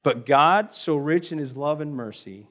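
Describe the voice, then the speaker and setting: A middle-aged man preaching a sermon, telling a personal story and acting out the voices he quotes, swinging from loud to hushed. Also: on the high side, measured pace. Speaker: pastor.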